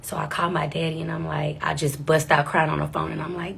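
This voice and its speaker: A woman's voice: deep voice, level tone, a little fast, vocal fry, few pauses, a bit bright, a little hiss or hum. A young woman in her twenties telling a personal story straight to camera, casual, candid and profane. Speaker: vlogger.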